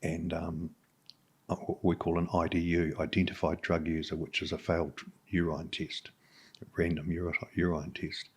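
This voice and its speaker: A middle-aged New Zealand man speaks in a low, husky voice. He tells his own story candidly and haltingly, with many "um"s and restarts along the way. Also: flat delivery. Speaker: podcast guest.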